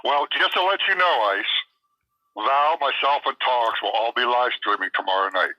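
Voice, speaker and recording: A man's voice: mid-range voice, normal speed, sharp tone, dull audio. A man chatting on a group stream, laughing things off about himself. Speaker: fellow streamer. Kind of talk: casual chat on a group stream.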